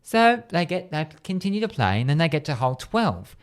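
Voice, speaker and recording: Chatty Australian radio host. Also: male voice, on the high side, very animated, a little fast, clear, resonant tone. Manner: chatty, laughs at own jokes. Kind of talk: radio interview, telling a joke. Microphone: studio microphone.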